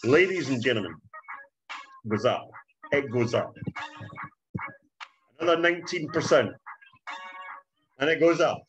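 A man talks his audience through trades on a chart, building hype like a salesman. His voice sits at an ordinary middle pitch. Clear background music plays under him the whole time. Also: lively intonation, a little slow, long pauses, highs cut off. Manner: hyped salesman-like, addresses "ladies and gentlemen". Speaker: trading instructor. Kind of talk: screen-share trading walkthrough. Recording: music bed behind voice.

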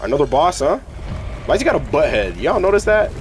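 A young man giving casual, excitable, slangy commentary while playing a video game. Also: on the high side, a little fast, a little hiss or hum. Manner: excitable, yelling, slangy, hype. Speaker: gaming streamer.

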